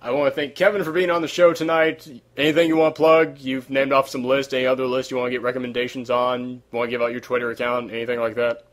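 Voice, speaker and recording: A man's voice: mid-range voice, little pitch movement, fast talker. A man hosting a casual podcast, worn out with a sore voice, rambling and searching for words. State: tired, sore voice. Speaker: podcast host. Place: hot room without air conditioning.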